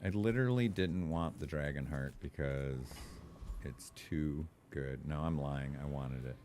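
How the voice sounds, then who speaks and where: A young adult man giving animated, profane gaming commentary, laughing often and chatting to his viewers. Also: very deep voice, a little slow, slight background noise. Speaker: streamer.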